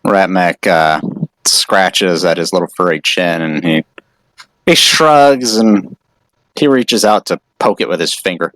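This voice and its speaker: A man's voice: sits low, a little slow, fairly bright tone, dry recording, low-quality recording. A man playing a tabletop game, describing his character's actions hesitantly with many fillers. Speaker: player.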